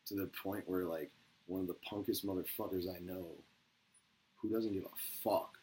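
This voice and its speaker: A man talking casually to the camera in a rambling, profane way. He gets excited at times and drops into a mumble at others. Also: low voice, moderate pace, slight background noise, poor audio.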